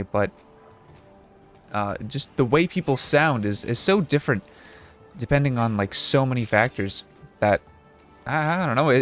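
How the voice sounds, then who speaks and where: Rambling young man, mild Canadian accent. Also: medium pitch. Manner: rambling, halting, self-correcting. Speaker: gaming video host. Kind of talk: casual let's-play commentary.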